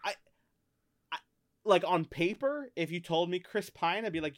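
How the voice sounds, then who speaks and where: American podcast co-host, male, a touch high in pitch, loose and rambling, curses a lot, thinks out loud. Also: lively intonation, normal speed. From United States. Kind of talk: casual chat.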